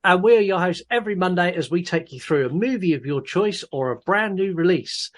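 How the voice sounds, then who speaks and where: A man's voice: high-pitched, animated, brisk. A man co-hosting a casual movie podcast, joking and rambling a bit. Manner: jokey, rambling, self-deprecating. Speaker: podcast co-host.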